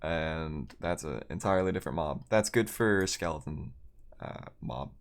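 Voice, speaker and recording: A man's voice: a bass voice, moderate pace. A man chatting casually with his viewers while he plays a game on a live stream, rambling and poking fun at himself.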